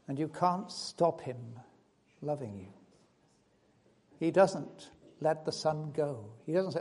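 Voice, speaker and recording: Middle-aged male preacher, earnest sermon delivery, slightly higher voice, loud-to-hushed swings. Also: expressive, unhurried, pauses often.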